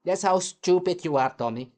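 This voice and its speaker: A man's voice: high voice, moderate pace, a little mellow. Combative man ranting. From Caribbean. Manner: heated, combative, swearing. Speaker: host. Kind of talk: profane commentary rant.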